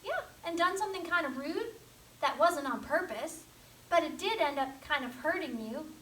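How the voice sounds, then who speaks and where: A woman school counselor gently coaxing a puppet to talk in a lesson for children, recorded from a distant mic in an echoey room. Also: high-pitched, expressive, normal speed, slight background noise.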